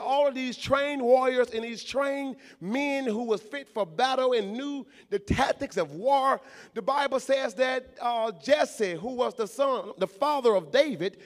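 A man with a strikingly high voice preaches to his congregation. He speaks emphatically, doubles back on his words, and urges the room to answer him. His voice rings with a long echo through the church sanctuary. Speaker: pastor. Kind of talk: sermon. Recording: long hall reverb in a church.

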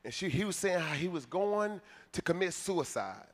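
High-voiced man preaching folksy sermon. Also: big pitch swings, moderate pace. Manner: conversational, folksy preaching with repetitions.

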